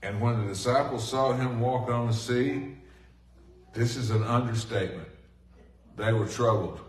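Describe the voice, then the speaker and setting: Folksy preacher, echoey and distant. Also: male voice, medium pitch, unhurried. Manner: folksy, animated preaching with swings from loud to hushed. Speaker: pastor. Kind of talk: sermon. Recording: echoey room from a distant mic.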